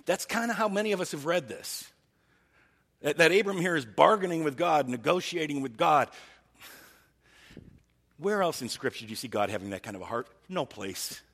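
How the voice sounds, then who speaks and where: A man's voice: fairly high pitch, lively intonation, moderate pace, long pauses, a bit bright, husky, big-room sound. A man preaching a sermon as pastor, earnest and thinking aloud, often restarting his sentences.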